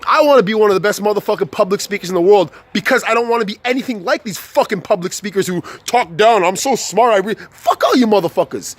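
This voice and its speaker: A man's voice: sits high, lively intonation, fast, hardly any pauses, no echo. A young man ranting to camera with a lot of swearing, stumbling and restarting his sentences, and growing heated. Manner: profane, repetitive, heated and restarting. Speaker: vlogger. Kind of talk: unscripted motivational rant.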